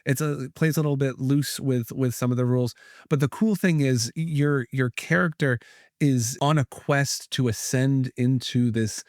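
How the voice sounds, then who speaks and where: A man's voice: medium pitch, steady tone, moderate pace, a little mellow, dry recording, studio quality. A man hosting a casual podcast about tabletop gaming, rambling and restarting his sentences with many fillers. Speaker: podcast host, priest.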